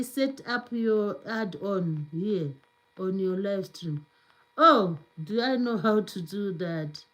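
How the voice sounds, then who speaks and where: A woman hosting a live stream in a casual, cheerful way, reading out viewer comments and often repeating her words. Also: mid-range voice. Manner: cheerful, effusive, repeats phrases.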